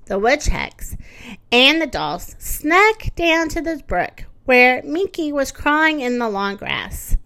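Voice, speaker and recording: A woman reads a children's story aloud. Her delivery is expressive, and her fairly high voice rises and falls a great deal. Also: takes it slowly. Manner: expressive, lively.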